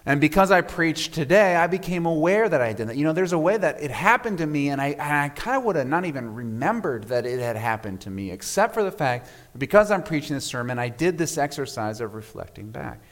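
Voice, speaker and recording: A man's voice: fairly high pitch, animated. Reflective male pastor in a reverberant hall. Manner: measured and reflective, often dropping to a soft hush at phrase ends. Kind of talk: sermon. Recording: long reverb of a large hall.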